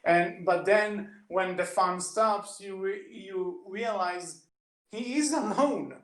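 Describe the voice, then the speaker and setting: A man with a fairly high voice co-hosts a casual podcast and talks through film scenes with eager detail. His voice bounces around a roomy, echoey space. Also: takes it slowly, fairly bright tone. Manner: eager, retells scenes at length. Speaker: podcast co-host.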